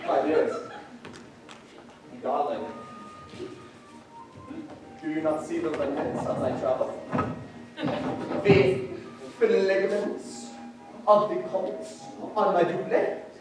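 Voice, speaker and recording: A young man acting as a boastful long-nosed swordsman putting on a raving act, his high voice swooping wildly as he declaims. It is a school stage play caught from far back in a very echoey hall, with faint music underneath. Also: animated, slow, long pauses. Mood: manic, theatrical. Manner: loud, wildly theatrical, booming declamation. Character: Cyrano, boastful long-nosed man playing a madman from the moon. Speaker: stage actor. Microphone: far room microphone.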